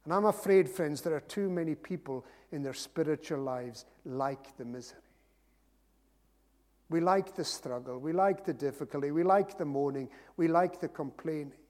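A man's voice: fairly high pitch, normal speed, a little mellow. A man preaching a sermon, earnest and rising to emphatic repeated phrases. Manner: earnest, builds to emphatic repetition. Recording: long hall reverb.

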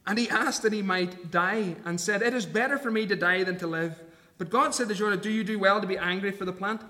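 A man's voice: high voice, a little fast, bright, forceful tone, long reverb tail. A man preaching a sermon, earnest and emphatic, reading scripture aloud and explaining it.

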